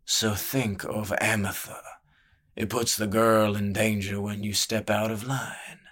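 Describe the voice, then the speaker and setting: A man voicing a sly, calculating older male spymaster who talks slowly and smoothly, needling as he goes. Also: fairly low pitch, little pitch movement, fairly bright tone. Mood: cool, needling.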